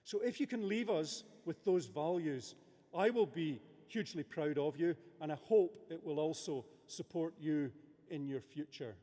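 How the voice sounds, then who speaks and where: A middle-aged man presiding over a graduation ceremony, giving a formal speech with measured, hesitant delivery and many filler words, in a large abbey hall. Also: on the high side, mellow. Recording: long reverb of a large hall.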